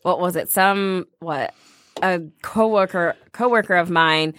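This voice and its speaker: A woman's voice: fairly low pitch, measured pace, no echo. A woman co-hosting a podcast from a studio, telling stories in casual chat with lots of fillers. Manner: animated storyteller, many fillers. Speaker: podcast co-host.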